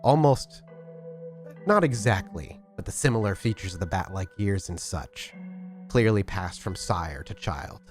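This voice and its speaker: A man's voice: low voice, a little slow, over music. A man narrating as storyteller of a tabletop role-playing game, descriptive and conversational. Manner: lively, descriptive narration with fillers.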